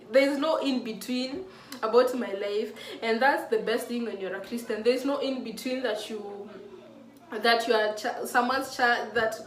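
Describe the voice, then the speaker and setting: A woman in her mid-twenties talking earnestly and emotionally about her faith, with many restarts, in a casual vlog. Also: a little high. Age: mid-20s. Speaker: faith vlogger. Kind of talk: casual heartfelt talk to camera. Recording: echoey room from a distant mic.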